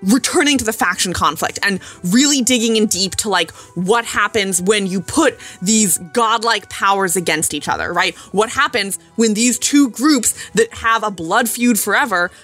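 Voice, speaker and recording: A woman's voice: medium pitch, moderate pace, hardly any pauses, a bit bright, soft background music. A woman co-hosting a casual podcast, talking in rambling, self-aware tangents. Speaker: podcast guest co-host.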